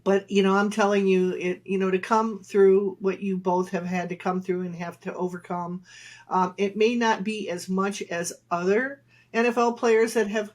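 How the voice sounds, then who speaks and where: A woman's voice: medium pitch, steady tone, moderate pace, darkish tone. A woman in her sixties, a guest talking casually with her sons, hesitant and rambling with many fillers. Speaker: guest, mother of the hosts. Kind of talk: casual chat.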